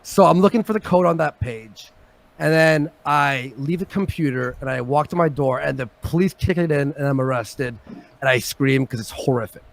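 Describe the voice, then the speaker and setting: A man hosting a casual livestream chat, telling stories in an animated way and swearing often. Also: fairly high pitch, moderate pace, gravelly. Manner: animated, swearing storyteller who swings from loud to mumbled. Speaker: show host.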